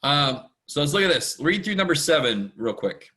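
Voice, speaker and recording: A man teaching a math class online in a casual, chatty, rambling way, often talking fast and poking fun at himself. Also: on the high side, very animated, bright, forceful tone. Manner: chatty, rambling and self-deprecating; talks fast much of the time. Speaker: math instructor. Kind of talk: casual online lecture to students.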